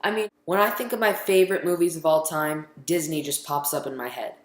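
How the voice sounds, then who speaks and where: A man's voice: on the high side, fairly even intonation, a little fast. A teenage boy vlogging casually, rambling and chatty, full of ums as he counts down his favorite movies. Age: teens. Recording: echoey room.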